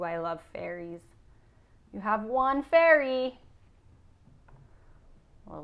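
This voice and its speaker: A woman teacher giving a recorded class lesson, slowly sounding out spelling rules in a patient, encouraging way. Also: medium pitch, a bit bright. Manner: slow, patient, sounding out words.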